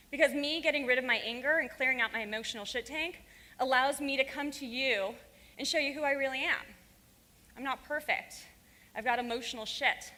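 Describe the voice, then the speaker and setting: A woman speaking on stage with a high, bright and forceful voice, fiery and blunt, swearing freely. The sound rings with the long reverb of a large conference hall. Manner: fiery, frank and profane. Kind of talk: stage talk to a live audience.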